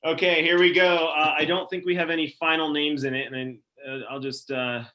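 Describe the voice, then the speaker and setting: A man's voice: a little high, level tone, fairly quick, pushed and bright. A man in his forties hosting a live-streamed story event, upbeat and casual as he reads out audience comments. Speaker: event host.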